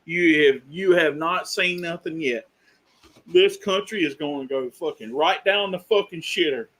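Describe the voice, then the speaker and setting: A man's voice: fairly high pitch, unhurried, fairly bright tone. A man on a live stream delivering an angry, profane, exasperated rant.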